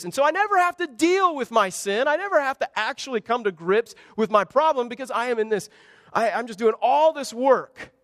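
A man preaches a sermon in an extremely high, slightly bright voice. He is emphatic, posing rhetorical questions and acting out the quotes he reads. The mic is dry and close, yet a long hall reverb trails behind him.

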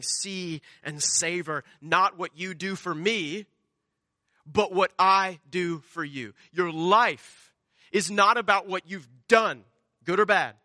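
Bright, high-voiced preacher man. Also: dry recording, clean studio sound. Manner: earnest, emphatic preaching with repeated words. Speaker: pastor. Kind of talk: sermon.

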